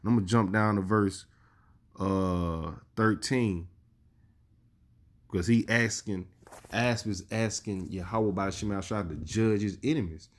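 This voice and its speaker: A male preacher giving a sermon, reading scripture slowly and with emphasis, and often adding "you see". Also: on the low side.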